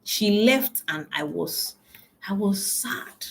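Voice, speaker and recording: A woman giving a motivational talk as a business coach, emphatic and repeating phrases for stress, calling her listeners ladies and gentlemen. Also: mid-range voice, lively intonation, slow, creaky.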